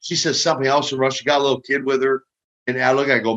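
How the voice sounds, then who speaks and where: An older man, a guest on an interview show, telling lively stories and often repeating his words as he goes. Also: medium pitch, fast talker. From Minneapolis, US Midwest. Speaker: guest, retired pro wrestler. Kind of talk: casual storytelling interview. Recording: dull lo-fi audio.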